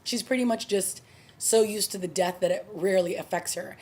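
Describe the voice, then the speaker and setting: A woman's voice: medium pitch, brisk, a little mellow. A woman casually reviewing a TV episode, recapping the plot in a chatty, conversational way. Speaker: TV review vlogger.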